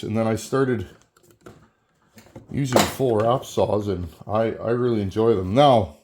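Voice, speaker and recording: A man's voice: lowish voice, a little mellow, slight background noise. A Canadian man, host of a chainsaw channel, chatting casually and folksily to camera while working on a saw, often repeating a word as he goes. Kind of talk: casual workshop talk to camera.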